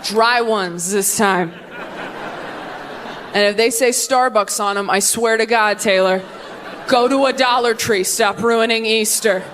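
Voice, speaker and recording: A woman's voice: fairly high pitch, a little slow, fairly bright tone, a little hiss or hum. A woman voicing an exasperated grandmother scolding her granddaughter in a dry, scolding way. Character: blunt older grandmother, exasperated.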